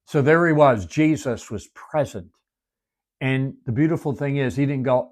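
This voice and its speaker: A male preacher giving a sermon, telling a story with animated swings between emphatic and hushed delivery. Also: mid-range voice, normal speed.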